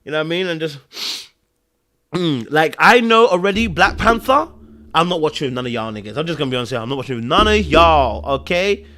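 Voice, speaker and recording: Animated man hosting a chat stream. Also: on the high side. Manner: animated and emotional, repeats phrases for emphasis; swings between loud exclamations and hushed, drawn-out murmurs. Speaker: podcast host. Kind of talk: casual live-stream chat with viewers.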